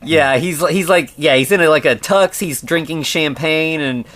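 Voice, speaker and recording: A man's voice: a little high, moderate pace, a bit bright. A man co-hosting a podcast, chatting casually about a film, with many fillers and restarts as he talks. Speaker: podcast co-host. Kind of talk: casual chat reviewing a film.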